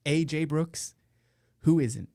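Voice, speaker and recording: A man's voice: a little high, takes it slowly, mellow, dry recording. A man hosting a casual live podcast, ranting with profane, sarcastic jokes into a close mic while wearing headphones. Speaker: podcast host. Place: indoor room beside a meeting room. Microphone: headphones and close studio mic.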